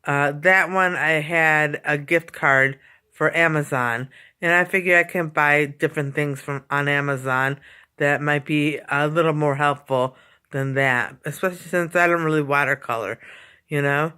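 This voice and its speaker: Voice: medium pitch, steady tone, moderate pace, sharp tone, clear, resonant tone. A vlogger chatting casually from a home basement, rambling and repeating itself with lots of fillers and frequent yawns. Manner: yawning often. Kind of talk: casual rambling vlog chat.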